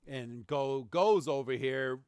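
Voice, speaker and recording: A man's voice: mid-range voice, slow, clean tone, no room sound, studio quality. A man co-hosting a podcast, casually retelling a cartoon episode and acting out the quotes. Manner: animated retelling, acts out quotes. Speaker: podcast co-host.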